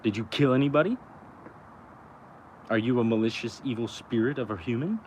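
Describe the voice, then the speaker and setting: A man's voice: medium pitch, fairly quick, darkish tone, slight background noise, close to an everyday voice. A man voicing God as a laid-back, blunt male creator who swears casually and brushes off talk of sin.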